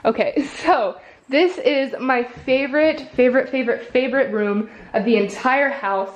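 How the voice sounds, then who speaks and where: A woman's voice: high voice, normal speed, dull audio. A young woman vlogging a casual apartment tour, chatty and upbeat, filming on a handheld camera as she walks through her rooms at home.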